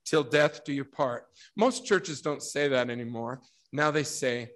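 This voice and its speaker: A middle-aged man giving a religious talk, telling a story and acting out the quotes with lively emphasis. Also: medium pitch, measured pace, few pauses. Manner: storytelling, animated, acts out quotes. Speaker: speaker.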